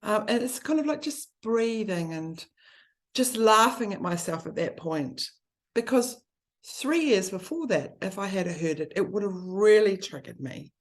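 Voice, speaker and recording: A woman's voice: mid-range voice, animated, unhurried. A woman, speaking earnestly and from the heart in a conversation about grief. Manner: earnest and heartfelt, speeding up when listing.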